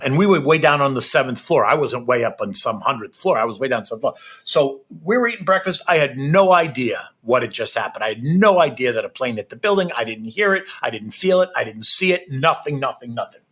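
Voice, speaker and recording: A middle-aged man telling a personal story as a podcast guest, animated and keeps checking in with "right?". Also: mid-range voice, breathy edge.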